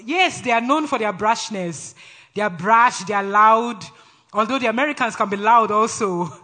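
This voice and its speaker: A man with a Nigerian accent preaching a sermon in a brash, forceful way. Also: sits high, normal speed. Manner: brash, forceful, laughs often between phrases.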